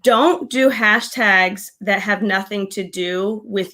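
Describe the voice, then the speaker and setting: A woman co-hosting a casual live marketing chat, chatty and quick to laugh. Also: mid-range voice, steady tone, bright, forceful tone. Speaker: co-host. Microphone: desk mic with a gain knob.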